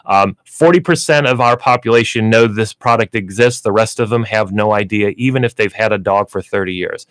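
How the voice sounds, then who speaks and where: A man's voice: lowish voice, brisk, hardly any pauses, no echo. A man hosting a pet store radio show, explaining pet training in a chatty way with lots of fillers, in a radio studio. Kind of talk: radio pet advice talk.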